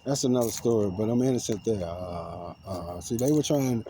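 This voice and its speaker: Rambling man, dark-voiced. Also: lively intonation, normal speed, slight background noise. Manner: rambling, profane, paranoid, swinging between loud outbursts and low mutters. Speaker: vlogger. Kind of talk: agitated personal storytelling to camera. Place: outdoors among trees.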